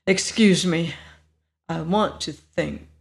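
A reflective shape-shifting alien turned oak tree, calm and unhurried, as the narrator puts it on. It speaks slowly and evenly. It is a storybook reading. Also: mid-range voice, gravelly.

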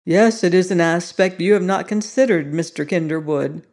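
A narrator voicing an old male sociologist, benign and softly insistent, in an audiobook reading. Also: medium pitch, normal speed, lightly acted. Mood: grave. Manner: soft and insistent.

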